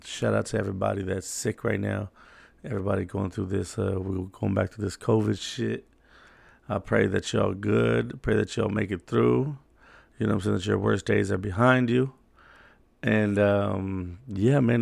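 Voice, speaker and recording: A man tells stories in a laid-back, slangy, rambling way, his voice heavy with gravel and fry. He sits fairly low in pitch. The sound is close and dry, with no room echo. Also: darkish tone. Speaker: host. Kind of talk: casual storytelling monologue.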